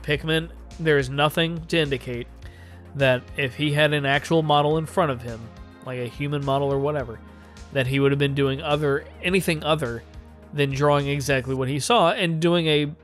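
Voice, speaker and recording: A man's voice: a little high, normal speed, a bit bright. A man giving a casual, opinionated, rambling review. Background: faint music.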